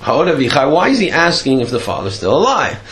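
A man teaching a Torah class in a medium-pitched voice. He tells stories in a loose, conversational way, full of fillers and restarts. His voice leaps upward whenever he drives a point home. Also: wildly swooping pitch, a little fast, a bit bright. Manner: storytelling with many fillers and restarts; voice rises sharply when stressing a point.

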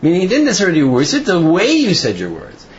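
A man's voice: high-pitched, huge pitch swings, fast talker. A man teaching an informal Torah class, talking in a chatty storytelling way with fillers. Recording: dull lo-fi recording with faint noise.

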